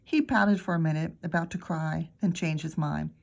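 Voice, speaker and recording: A middle-aged woman teacher reading a children's book aloud with expressive, chatty asides. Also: low voice, moderate pace, gravelly, few pauses. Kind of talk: read-aloud storytelling for children.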